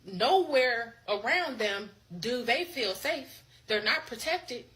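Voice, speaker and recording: A woman's voice: fairly high pitch, lively intonation, takes it slowly, pushed and bright, poor audio. A woman delivering a mocking, opinionated monologue in a clip. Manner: mocking, laughs between points. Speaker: commentator in a played clip.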